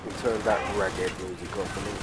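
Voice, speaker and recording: A British man giving crude, excitable let's play commentary while trash-talking enemies in a war game. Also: low voice, brisk, heavy background noise. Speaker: gamer. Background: game music and gunfire.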